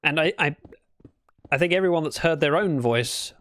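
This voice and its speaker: A man's voice: fairly high pitch, moderate pace, fairly bright tone, no room sound, studio quality. A British man livestreaming a game, chatting casually in a rambling, playful way and correcting himself as he goes. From Britain. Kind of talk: casual gameplay chat.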